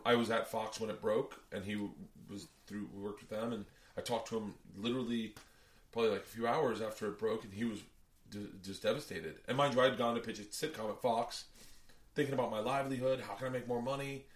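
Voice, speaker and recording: A man hosting a podcast, telling a long story in casual chat, animated and full of profanity. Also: fairly low pitch, a little fast, echoey room, recorded from a distance. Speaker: podcast host and comedian.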